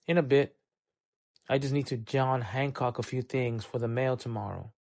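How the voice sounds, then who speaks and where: A man voicing a world-weary 1950s private eye, talking gruffly and wryly. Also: mid-range voice, steady tone, moderate pace, darkish tone, lightly acted.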